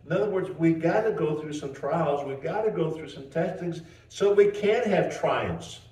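A male pastor preaching a sermon in a folksy, animated storytelling way, chuckling and restarting as he goes. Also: fairly high pitch, moderate pace. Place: church. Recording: roomy church, mic at a distance.

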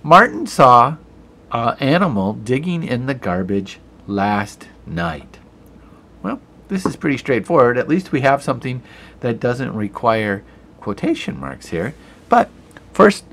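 A man's voice: medium pitch, vocal fry, a bit bright. A man teaching an online grammar lesson, patiently explaining each step while he types. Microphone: computer camera mic.

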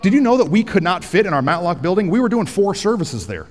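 A pastor preaching a sermon on a headset mic in a large church auditorium, energetic and joking, rising to shouts for emphasis. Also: male voice, high voice, quick pace, big-room sound.

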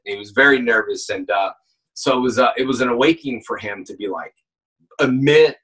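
A man in casual chat as a guest actor, telling animated stories and acting out shouts and quoted lines, heard over a call. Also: medium pitch, fairly quick, husky, recorded from a distance, rough recording. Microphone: phone call.

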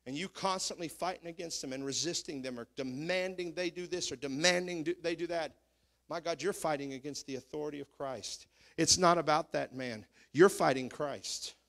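A man with a high, bright voice preaches a fervent church sermon. He drives each point home and keeps calling out to the congregation for a response. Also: moderate pace, vocal fry. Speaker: pastor.

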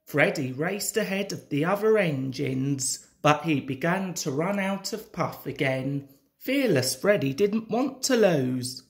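A man reads a children's storybook aloud in an expressive, sing-song way. His pitch swings widely, and he takes the sentences slowly and deliberately. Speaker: storybook reader. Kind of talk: reading a children's picture book aloud.

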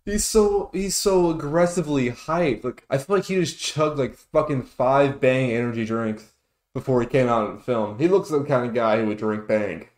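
A man's voice: mid-range voice, moderate pace, a little mellow. A man doing sarcastic, profane comedic commentary on a video, ranting in mock outrage and mock awe. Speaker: commentary youtuber. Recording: echoey room with music underneath.

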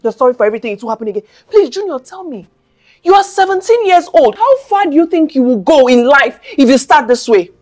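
A woman's voice: high voice, very animated, fast, darkish tone. An actress with a Nigerian accent playing a stern middle-aged mother who scolds her son with insistent, repeated questions. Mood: indignant. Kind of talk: film drama acting.

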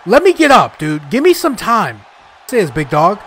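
A young man giving excitable, frustrated live commentary while playing a video game, trash-talking and yelling at the screen. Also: high voice, moderate pace. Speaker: gaming YouTuber.

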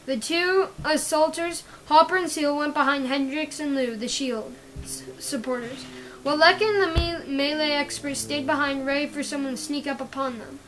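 High-voiced woman reading her own story haltingly. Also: noisy background. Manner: halting, often restarting and correcting words. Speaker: story reader.

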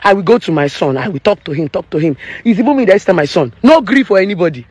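A woman's voice: lowish voice, expressive, fast, a little mellow, slightly rough, no echo. Emphatic Nigerian woman ranting. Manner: emphatic and preachy, slipping into Pidgin. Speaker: relationship therapist. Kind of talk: opinion vlog rant.

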